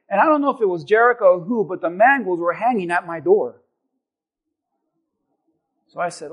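A man, a pastor, preaching a sermon and telling a personal story with animated delivery that builds to forceful exhortation. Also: high voice, normal speed, pauses often, rough recording.

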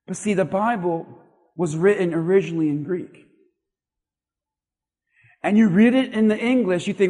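A man with a strikingly high voice preaches a sermon, calling out questions to the congregation and pressing his points with growing force. His words ring out with a long reverb, as if he stands in a large church hall. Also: moderate pace, pauses often, mellow. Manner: preaching with rising intensity, rhetorical questions to the congregation. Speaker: pastor.

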